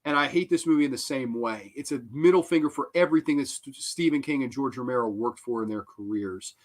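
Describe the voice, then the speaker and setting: A man's voice: mid-range voice, fairly quick. A man hosting a horror film show, tearing into a sequel in a heated, profane, rambling rant with bursts of laughter. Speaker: horror film podcast host. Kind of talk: angry film review rant.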